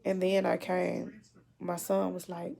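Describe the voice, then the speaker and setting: Woman, gravelly, mellow and dark, emotional, halting, repeats herself, video diary. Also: on the low side, monotone. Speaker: mother.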